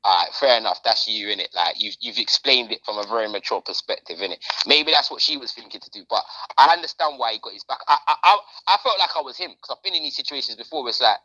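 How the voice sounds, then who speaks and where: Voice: mid-range voice, lively intonation, quick pace, pushed and bright, highs cut off. A podcast host, chatting casually in slang and repeating phrases for emphasis. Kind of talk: casual chat.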